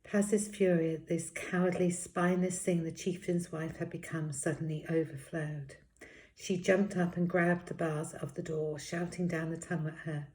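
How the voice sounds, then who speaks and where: A storybook reader narrates a children's novel aloud at a normal speed, in a steady, expressive manner. Her voice sits low and deep for a woman.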